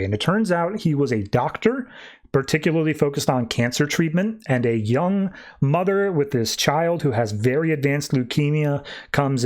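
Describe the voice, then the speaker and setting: Casual man recapping a comic. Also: on the high side. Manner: chatty retelling, often says "like". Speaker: podcast host.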